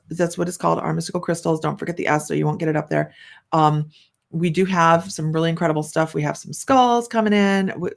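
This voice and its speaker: A woman's voice: sits low, creaky. A middle-aged woman hosting a psychic livestream, chatting casually and rambling as she reads out viewer comments. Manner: chatty and rambling, many fillers and restarts.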